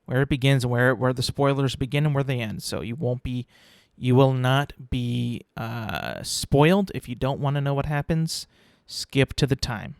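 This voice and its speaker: A man's voice: medium pitch, normal speed, vocal fry, clear, resonant tone, dry recording, clean studio sound. A young man hosting his own podcast, talking casually alone, rambling and repeating words, swearing now and then. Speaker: podcast host. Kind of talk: casual solo commentary.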